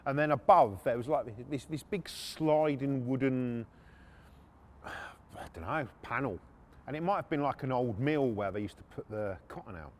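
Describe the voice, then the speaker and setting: A middle-aged man who hosts a podcast and used to be a repo man tells a story bluntly and casually. His mid-range voice moves at a normal speed, and he swears and keeps restarting his sentences.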